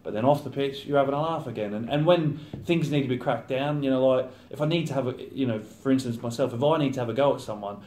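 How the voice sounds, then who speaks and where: Man, 30, professional footballer, relaxed interview talk, mid-pitched, echoey room sound. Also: quick pace, few pauses. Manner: chatty, acts out teammates' banter. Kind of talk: casual interview chat. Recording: roomy echo.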